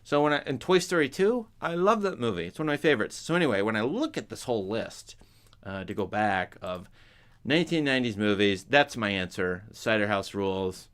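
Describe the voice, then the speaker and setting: A man's voice: on the low side, expressive, fairly quick, a bit bright, clear, resonant tone. A man chatting casually to his viewers as a film commentator, rambling with restarts and asides.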